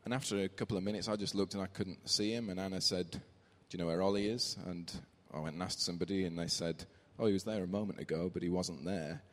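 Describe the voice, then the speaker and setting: Man in his thirties, low-pitched, conversational preacher, reverberant church hall. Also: steady tone, quick pace, hardly any pauses. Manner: warm conversational, reads scripture aloud. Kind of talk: sermon with personal story.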